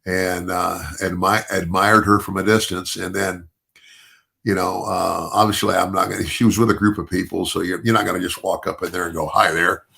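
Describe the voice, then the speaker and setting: Older male guest, low gravelly voice, loose storyteller who repeats and restarts words. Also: steady tone, normal speed, sharp tone. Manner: chuckles through his own story. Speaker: podcast guest. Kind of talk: casual storytelling.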